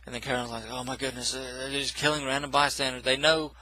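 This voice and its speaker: A man's voice: medium pitch, steady tone, fast talker, pushed and bright, poor audio. A man casually recapping a film plot in a rambling, self-correcting way, with dismissive asides. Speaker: movie reviewer.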